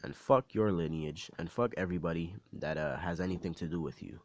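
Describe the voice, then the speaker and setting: A man voicing a cocky, defiant young male superhero who talks crude and taunting, in a low voice. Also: brisk, darkish tone, no echo.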